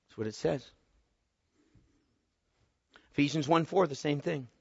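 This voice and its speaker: A man preaching an expository sermon, swinging from quiet explaining to loud emphatic bursts. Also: a little high, unhurried, vocal fry, breathy edge. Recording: muffled sound with long hall reverb.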